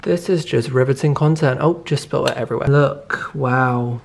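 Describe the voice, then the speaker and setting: A man's voice: mid-range voice, steady tone, moderate pace, vocal fry, slight background noise. A young British man vlogging at home in a playful, camp, joking manner, often breaking into silly sung bits. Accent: British English. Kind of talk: casual comedic vlog.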